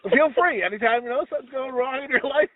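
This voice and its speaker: A man co-hosting a podcast in casual chat, joking crudely and laughing a lot. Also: very high voice. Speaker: podcast co-host. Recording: tinny phone-like sound.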